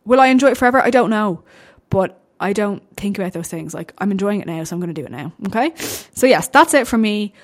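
A woman's voice: mid-range voice, expressive, fast talker. A young woman hosting a casual solo podcast as a bodybuilding coach, talking bluntly, swearing freely and getting worked up as she answers listener questions.

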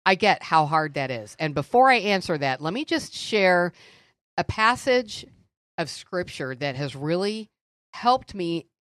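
A middle-aged woman co-hosting a faith podcast, telling stories and teaching in an earnest, animated way. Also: on the low side, unhurried, dry recording, studio quality. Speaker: podcast co-host. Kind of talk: faith-based conversational teaching.

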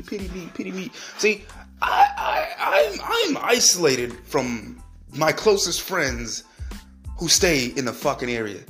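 A man's voice: medium pitch, fairly bright tone. A young man ranting angrily at his friends, swearing constantly, stumbling over repeated words and mocking them in a whiny voice. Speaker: podcast host. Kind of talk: profane solo rant.

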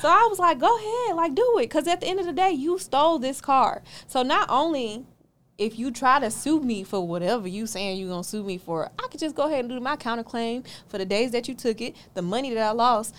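A young woman with a smooth, clear, fairly high voice tells a story as a podcast guest. She talks in a casual, animated way and plays out each side of the exchange herself. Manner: lively, acts out both sides of the story. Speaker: podcast guest, car rental owner.

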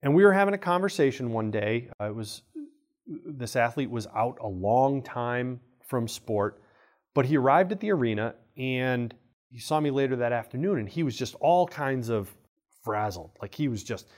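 A man, a kinesiology professor, explaining ideas in a relaxed podcast conversation and acting out the people in his stories. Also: medium pitch, normal speed. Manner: animated storyteller, acts out quoted voices. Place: college podcast studio.

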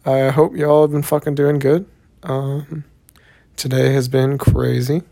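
A man's voice: mid-range voice, flat delivery, measured pace, creaky, warm tone. Laid-back young Texan man, Southern accent. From Texas. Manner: laid-back, heavy swearing, many fillers. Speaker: vlogger. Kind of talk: casual storytelling vlog.

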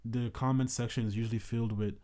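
A man's voice: medium pitch, fairly even intonation, fast talker, mellow. A man hosting a podcast, talking in a rambling, casual way with many restarts. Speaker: podcast host. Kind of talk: casual chat.

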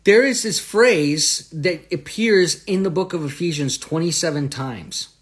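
Man, host of a live Bible study; earnest, chatty teacher who asks questions and punches key verses. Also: measured pace. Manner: swells louder and higher on scripture phrases.

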